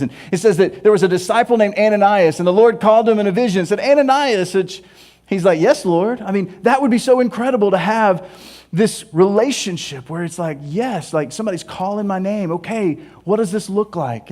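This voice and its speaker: A man preaching a sermon as a pastor, in an animated and conversational way with casual asides. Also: a little high.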